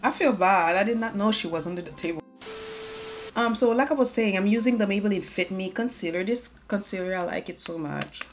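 A woman's voice: mid-range voice, fairly quick. Chatty woman. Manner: chatty, self-mocking, talks while doing makeup. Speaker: beauty vlogger. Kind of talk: casual chatty makeup tutorial. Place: home room. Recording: faint music underneath.

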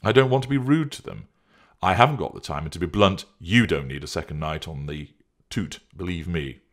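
A man's voice: sits low, a little fast, lightly acted. A man voicing a patient man who reasons with and refuses a demanding woman. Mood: firm refusal.

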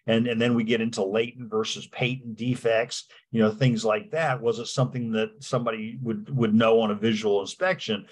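A man teaching a real estate law class, talking in a halting way with lots of fillers and restarts. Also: fairly low pitch. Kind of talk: lecture with slides.

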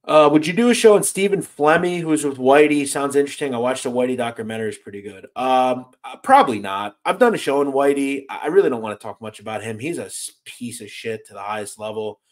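A man's voice: medium pitch, animated, fast, hardly any pauses. An American man hosting a casual livestream, reading chat comments aloud and answering them bluntly, swearing freely and sounding exasperated. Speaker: host reading live chat.

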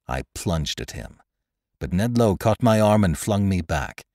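A man narrating an adventure story aloud in a dramatic, expressive first-person telling. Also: deep voice, unhurried, no echo, studio quality. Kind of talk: scripted audiobook narration.

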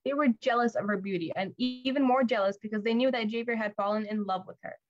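A woman's voice: on the high side, fast, lo-fi sound, music in the background. A woman reading a picture book aloud to children, acting out the lines and mixing in Spanish words. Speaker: volunteer reader.

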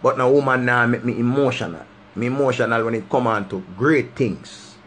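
A man's voice: mid-range voice, fairly quick, fairly bright tone, slight background noise. A man with a Jamaican accent giving impassioned, preachy advice straight to camera, repeating his points for emphasis. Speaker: vlogger giving life advice.

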